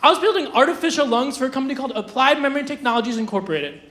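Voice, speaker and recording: High-pitched deadpan stand-up comic, roomy stage. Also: racing, a little hiss or hum. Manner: deadpan absurdist delivery with hesitant restarts and fillers. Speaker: stand-up comedian. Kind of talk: stand-up comedy set. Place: live comedy venue stage. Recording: roomy live venue sound.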